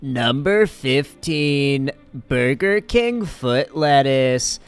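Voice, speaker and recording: A man voicing a slow, eerie male narrator of a countdown list, in a drawn-out ominous delivery. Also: medium pitch, expressive, clean tone, faint music behind.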